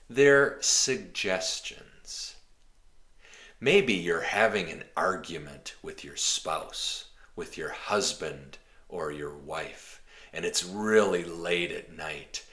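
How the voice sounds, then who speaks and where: A man teaching an English lesson slowly and clearly, rephrasing each example in simple words. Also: low voice, expressive, fairly bright tone. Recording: roomy echo.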